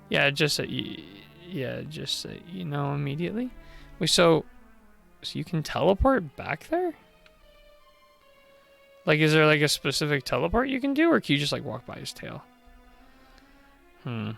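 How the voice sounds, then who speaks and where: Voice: medium pitch, big pitch swings, moderate pace, vocal fry, pauses often, a bit bright, soft background music. A streamer casually chatting and thinking aloud while playing a game live. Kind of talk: live game playthrough chat.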